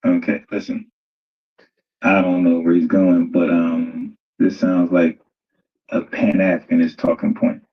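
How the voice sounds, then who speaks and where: A man's voice: low-pitched, completely flat delivery, a little slow, husky, lo-fi sound. A man hosting a livestream, mocking a debate clip and talking straight to his viewers in casual commentary.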